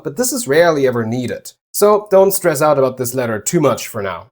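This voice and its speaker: This is a native German speaker leading a scripted pronunciation lesson. The delivery is animated, with pitch swinging widely, and it slows down to model each sound clearly. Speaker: language teacher.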